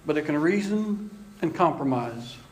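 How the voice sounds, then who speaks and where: A man's voice: fairly high pitch, animated, moderate pace, a little mellow, roomy sound, lightly acted, low-quality recording. A man voicing the Lord, an eager, tender male creator, in a read-aloud story within a sermon. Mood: earnest.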